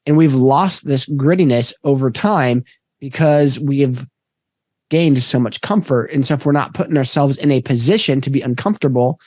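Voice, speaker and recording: A man's voice: mid-range voice, a little mellow, dry recording, studio quality. A man hosting a podcast, talking in a reflective, conversational way. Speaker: podcast host. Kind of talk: casual podcast interview.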